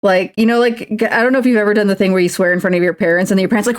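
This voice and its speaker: A woman's voice: medium pitch, very fast, hardly any pauses. A woman streamer chatting casually while she crafts, rambling with lots of "like" and swearing freely.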